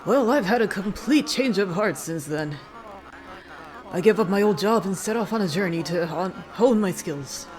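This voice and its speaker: A woman's voice: medium pitch, lively intonation, moderate pace, darkish tone, natural voice. A woman voicing a boastful, earnest wandering male archer, reading game dialogue aloud.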